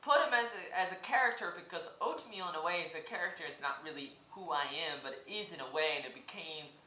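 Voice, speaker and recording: A young man talks off the cuff in a casual vlog, his voice bright and forward. He rambles, stammers and doubles back on his words. The room around him is echoey. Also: sits high, quick pace, slight background noise. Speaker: vlogger.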